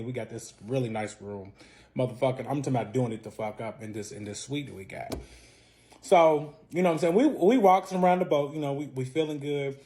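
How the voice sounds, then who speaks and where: Man, casual storytime vlogger, loud bursts then muttered asides, swearing freely. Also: mid-range voice. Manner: animated, profane, swings loud and soft.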